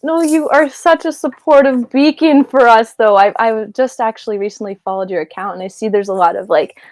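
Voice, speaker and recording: A woman's voice: on the high side, fairly quick, a little mellow, dry recording. A woman voice actor chatting as an interview guest, giggly and gushing, rambling a bit as she talks. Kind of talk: casual interview chat.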